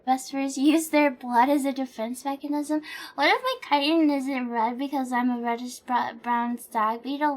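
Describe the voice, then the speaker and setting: Young woman streamer, high voice, casual rambling chat, swears and laughs a lot. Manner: plays a bug persona in her talk.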